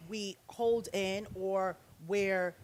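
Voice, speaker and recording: A woman's voice: medium pitch, steady tone, very slow. Questioning woman with faint background hiss. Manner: probing, questioning. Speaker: podcast co-host. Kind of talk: casual debate chat.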